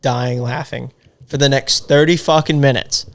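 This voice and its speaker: With a crowd audible behind him, a young male podcast guest spins rambling, profane party stories and laughs as he talks. His mid-range voice holds a steady tone at a moderate pace.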